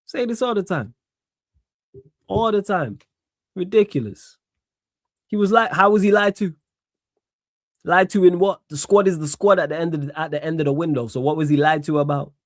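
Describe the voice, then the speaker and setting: A young man with a slightly high voice talks straight into a dry, close mic. He is blunt and sarcastic and drives every point home by repeating it. He sounds tired. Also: normal speed, long pauses, dry recording. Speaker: streamer host. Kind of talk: solo live-stream sports Q&A.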